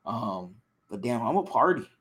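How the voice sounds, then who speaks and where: A young man from Houston co-hosting a casual sports chat, passionate and excitable, often repeating himself. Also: mid-range voice, moderate pace. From Houston, Texas. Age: young adult. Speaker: sports podcast co-host.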